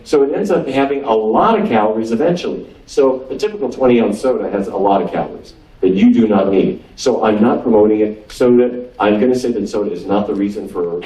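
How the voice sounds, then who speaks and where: On a cruise ship, in its lecture room, a North Dakota man gives a comic lecture on nutrition as a physician and asks the audience questions. His voice runs low with a dark tone, sounding distant in the spacious hall.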